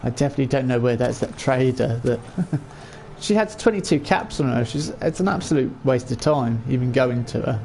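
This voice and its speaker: Brief: male streamer, gravelly voice, mid pitch, loose chatty game commentary. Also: animated, normal speed, hardly any pauses, a little mellow, a little hiss or hum. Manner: chatty, chuckles often, talks to chat. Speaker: gaming streamer. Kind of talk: casual let's-play commentary.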